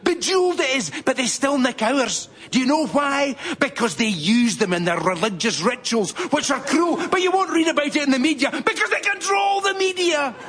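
A man's voice: very high-pitched, lively intonation, normal speed, hardly any pauses, fairly bright tone, breathy edge, pitched above the performer's own voice, exaggerated voice. A man voicing a paranoid, bigoted pub bloke with a blustering, conspiratorial manner. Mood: conspiratorial rant. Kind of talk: stand-up comedy character.

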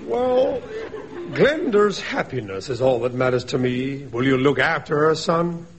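A man's voice: mid-range voice, big pitch swings, normal speed. A man narrating a comedy sketch and playing the girl's father, hammy and mock-dramatic.

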